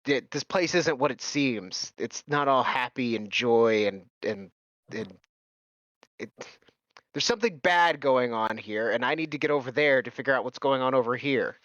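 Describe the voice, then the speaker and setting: A man's voice: mid-range voice, moderate pace, fairly bright tone, no room sound, lo-fi sound, lightly acted. A man voicing a nervous bird-headed woman who speaks with a man's voice and stammers through her words. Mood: anxious. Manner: hesitant, stammering.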